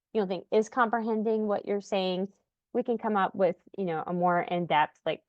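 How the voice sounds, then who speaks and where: A young woman talks to parents as a podcast host and coach, relaxed and conversational, with a soft laugh here and there. Her voice sits at an everyday pitch for a woman. The sound is close and dry, with no room echo. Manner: encouraging, conversational, with light laughs. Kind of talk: casual podcast talk.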